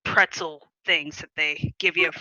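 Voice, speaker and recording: A woman's voice: deep voice, steady tone, measured pace, pushed and bright, no room sound, low-quality recording. A woman playing a tabletop game, chatting casually with lots of "like" and "you know". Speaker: player.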